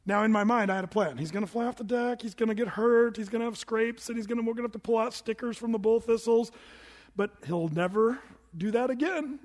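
A middle-aged man preaching a sermon as pastor, telling a story with animated swings that climb to shouts. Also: extremely high pitch, brisk. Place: church sanctuary. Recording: long hall reverb.

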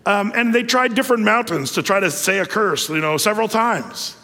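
A man's voice: high voice, brisk, sharp tone, long reverb tail. A man preaching a sermon as a pastor, folksy and humorous, with frequent fillers.

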